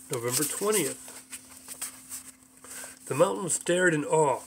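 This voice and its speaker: A man's voice: a little high, fairly even intonation, normal speed, slight background noise. A man reading his own book aloud as audiobook narration, with mild voice shifts for the characters.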